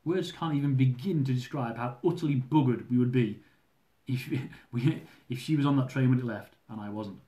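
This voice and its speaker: A man reading his own humorous travel memoir aloud, lively and dramatic, with comic swearing. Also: mid-range voice, normal speed. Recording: roomy echo.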